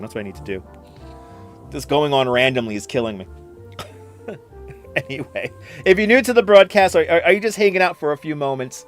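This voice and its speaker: A middle-aged New York man talks loosely to his live-stream viewers, circling back over the same phrases and laughing as he goes. His voice sits a little high for a man. Faint music plays under him. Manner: rambling, repeats phrases, laughs often. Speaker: livestream host. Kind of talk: casual live-stream chat reading viewer comments. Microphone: computer streaming setup.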